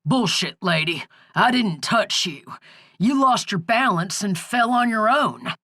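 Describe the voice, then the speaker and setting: A woman's voice: medium pitch, expressive, measured pace, pushed and bright, no room sound, studio quality, pitched above the performer's own voice. A woman voicing an angry, bullying male sheriff in an audiobook, barking orders and swearing. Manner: blustering, profane, barking orders. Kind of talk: audiobook character voice.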